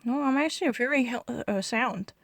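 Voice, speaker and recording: A woman's voice: a little high, quick pace, no echo. A young woman whose first language is Korean, chatting casually while gaming, boastful and defensive, switching languages mid-thought. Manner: boastful and defensive, insisting loudly. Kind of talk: casual gaming vlog chat.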